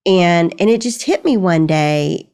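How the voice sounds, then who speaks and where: A middle-aged woman, hosting a podcast and telling a story in a candid, conversational way. She is animated, laughs often and acts out bits of dialogue. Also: lowish voice, unhurried, smooth. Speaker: podcast host.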